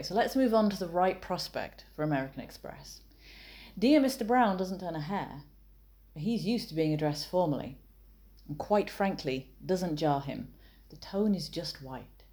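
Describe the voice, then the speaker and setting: Woman breaking down ad copy, low voice, dry little jokes. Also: dark tone. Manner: measured, analytical, with wry asides. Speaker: copywriting teacher and author. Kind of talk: explanatory talk on copywriting.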